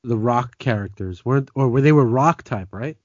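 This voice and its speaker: A man's voice: medium pitch, moderate pace, no room sound. A man co-hosting a podcast in casual chat, chiming in with easygoing remarks. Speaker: podcast co-host. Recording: dull lo-fi podcast audio.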